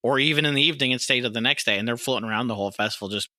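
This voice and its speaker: Male podcast host, bright and sharp, dry close sound, excitable with stammers. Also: medium pitch, racing, no echo. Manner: enthusiastic, stammers and restarts. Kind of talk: casual interview chat.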